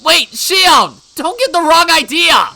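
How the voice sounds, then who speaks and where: A woman voicing an impulsive teenage boy who pleads and shouts his promises, reading a visual novel aloud. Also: very high-pitched, lively intonation, slow pace, vocal fry, pitched above the performer's own voice, heavily acted. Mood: desperate.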